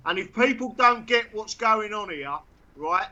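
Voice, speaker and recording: A man's voice: high voice, lively intonation, a little slow, bright, forceful tone, lo-fi sound. A man talking heatedly on a live stream, stammering and repeating himself.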